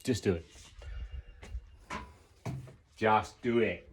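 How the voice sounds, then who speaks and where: A man's voice: lowish voice, drawn-out words, background noise. A man in his fifties talking casually while doing a leg workout, encouraging viewers and counting reps aloud as he exerts himself. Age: 50s. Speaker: fitness vlogger. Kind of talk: casual workout talk-along. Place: home workout space, indoors.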